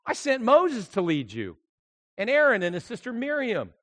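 A male pastor preaching a sermon, moving between quiet, intimate storytelling and loud, shouted exhortation. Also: very high voice, wildly swooping pitch, normal speed, dry recording.

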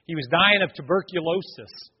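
A man preaching a sermon, telling stories with lively acted voices and loud shouts. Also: a little high, moderate pace, breathy edge. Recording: echoey hall, dull lo-fi sound.

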